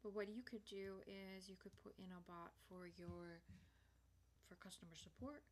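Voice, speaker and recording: Casual woman walking through software. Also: medium pitch, steady tone, moderate pace. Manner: casual, chatty walkthrough with fillers. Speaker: software tutorial host. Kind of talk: screen-share tutorial.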